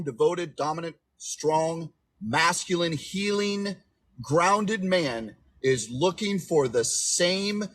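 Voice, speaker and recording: Emphatic husky man coaching on a livestream. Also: a little high, fairly bright tone. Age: 40s. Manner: emphatic, repetitive, preachy, asks "okay?" often. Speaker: relationship coach. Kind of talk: livestream advice talk.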